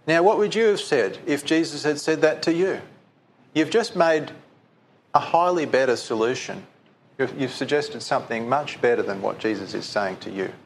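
A man's voice: medium pitch, moderate pace. A man preaching a conversational sermon that keeps putting questions to his listeners.

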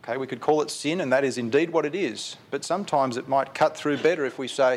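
A man's voice: medium pitch, fast. A man preaching a sermon in an earnest, repetitive way, putting direct questions to his listeners.

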